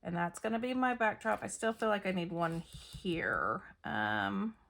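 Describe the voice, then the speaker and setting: A woman's voice: mid-range voice, sing-song, unhurried, vocal fry, a bit bright. A middle-aged woman chatting casually and laughing at herself as she talks through a scrapbook layout. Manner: chatty, self-deprecating, thinking aloud while working. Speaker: scrapbooking crafter. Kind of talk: casual craft process narration.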